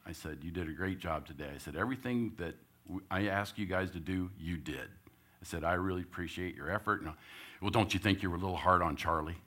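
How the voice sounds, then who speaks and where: A man giving a church talk, telling a personal story and loudly acting out what he said as a coach. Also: sits low, quick pace. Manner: animated storyteller, gets loud acting out his own coaching. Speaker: church speaker.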